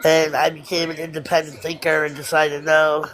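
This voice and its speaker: A man's voice: a little high, little pitch movement, moderate pace, a bit bright, low-quality recording. A man chatting casually and emphatically about his family. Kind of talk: casual chat.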